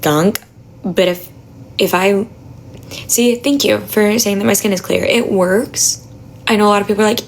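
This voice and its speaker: A young woman chatting on a phone livestream at home, talking quietly with a raspy, gravelly voice, blunt and chatty. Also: lowish voice, a little hiss or hum, poor audio. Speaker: livestreamer answering chat. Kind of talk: casual live stream chat. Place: home apartment at night.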